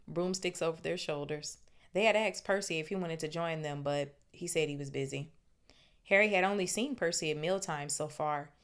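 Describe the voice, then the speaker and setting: A woman reading a novel aloud for her podcast, breaking off for slangy, casual asides. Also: deep voice.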